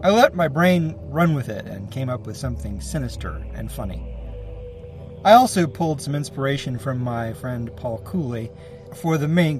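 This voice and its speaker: Male podcast host, mid-pitched, casual wry intro over faint music.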